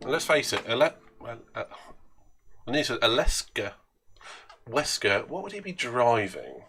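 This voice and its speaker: Chatty English streamer, gravelly bright voice. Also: male voice, mid-range voice, sing-song, measured pace, a little hiss or hum. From England. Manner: chatty, joking, greets and thanks viewers. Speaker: racing game streamer. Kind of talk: live-stream commentary while racing.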